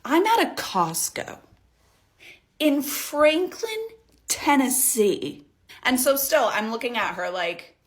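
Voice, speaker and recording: A woman from Northern Michigan telling a story in a casual vlog, exasperated and animated, acting out what others said. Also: a little high, slow. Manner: exasperated, animated retelling with mimicked quotes.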